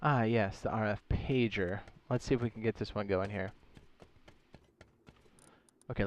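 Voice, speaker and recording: A man's voice: mid-range voice, vocal fry, slight background noise. Chatty man explaining game mechanics. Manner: chatty, explains step by step while reading chat questions aloud; playful asides and goofy sound effects. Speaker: game streamer. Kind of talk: casual live-stream game tutorial.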